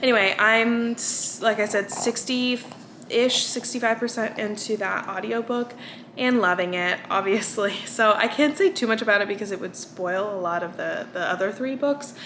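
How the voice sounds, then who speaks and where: A young American woman vlogs in a casual chat, tired from little sleep and rambling with fillers and restarts. Her mid-range voice is a bit bright at normal speed, with slight background noise.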